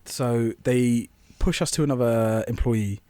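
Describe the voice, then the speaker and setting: Man telling an animated story. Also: mid-range voice, unhurried, dry recording. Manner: animated storytelling with swearing and laughter. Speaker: podcast co-host. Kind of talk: casual chat.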